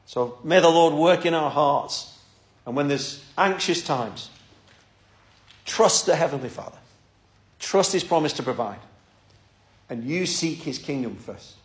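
A man's voice: fairly high pitch, roomy sound. A man preaching a sermon and leading prayer, talking earnestly and often repeating words as he starts a thought.

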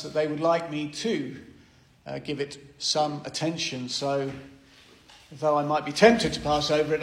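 A man preaching an expository sermon, explaining a passage slowly and thoughtfully with pauses. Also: a little high, roomy sound, rough recording.

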